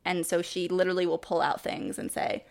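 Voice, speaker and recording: A woman co-hosting a podcast in casual chat, animated and laughing as she acts out quoted lines. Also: on the low side, brisk, gravelly. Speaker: podcast co-host.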